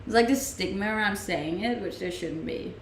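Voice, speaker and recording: A woman's voice: mid-range voice, moderate pace, slight background noise. Chatty Danish-accented woman streamer. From Denmark. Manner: chatty, reads chat questions aloud and answers, laughs often. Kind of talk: casual live-stream chat. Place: room at home, streaming. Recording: roomy home-mic sound.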